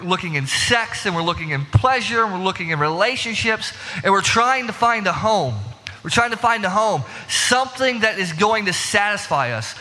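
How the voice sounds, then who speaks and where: Young male pastor, high and very bright voice, casual sermon with long hall reverb. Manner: casual, chatty, addresses the congregation directly. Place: church sanctuary.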